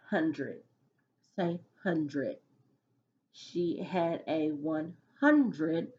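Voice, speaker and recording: A woman teacher walks young pupils through a phonics lesson, sounding out each letter and syllable with patient care. She speaks slowly, in a voice a little low for a woman. The recording is dull and lo-fi. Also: a little mellow, slight background noise.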